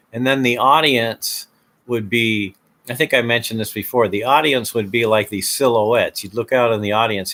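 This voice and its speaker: A man's voice: lowish voice, fairly bright tone. A man talking in a casual, rambling monologue, full of fillers and restarts. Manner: hesitant, many fillers and restarts. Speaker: video host.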